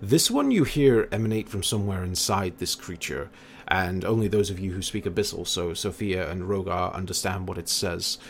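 Gravelly low-voiced game master. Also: male voice, moderate pace, few pauses, slight background noise. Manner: descriptive, relaxed narration with fillers. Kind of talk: narrating a tabletop game.

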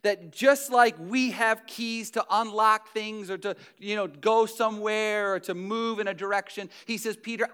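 A man's voice: high voice, sharp tone, smooth. A man preaching a sermon, retelling scripture in an earnest, conversational way with frequent restarts and repeated words.

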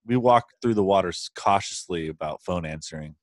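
A man co-hosting a casual podcast, joking along in relaxed banter. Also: sits low, normal speed, no room sound, studio quality. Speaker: co-host, disc golf shop owner.

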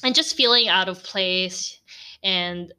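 A woman's voice: on the low side, slow, bright, forceful tone, smooth. A woman from the Philippines with a Filipino accent, talking candidly on her own podcast with frequent fillers and light laughs. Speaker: podcast host. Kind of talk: casual solo podcast talk.

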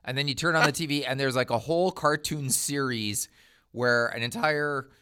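A man's voice: mid-range voice, moderate pace, pushed and bright, clean tone. A middle-aged man co-hosting a podcast, musing and joking casually with loose restarts. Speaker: podcast co-host. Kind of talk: casual chat.

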